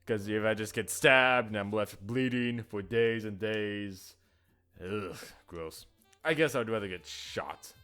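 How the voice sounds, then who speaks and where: A man's voice: fairly low pitch, a little slow, hardly any pauses, bright, forceful tone, clear, resonant tone, faint music behind. A man hosting his own video, chatting casually to viewers in a rambling, self-mocking way with frequent chuckles. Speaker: YouTuber host. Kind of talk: casual solo chat to viewers.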